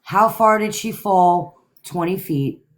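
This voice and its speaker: A woman on a live stream reading out and summarizing a call transcript in a flat, matter-of-fact way. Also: medium pitch, slow, slight background noise, poor audio. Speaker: live stream co-host recapping a trial. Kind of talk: casual live stream chat.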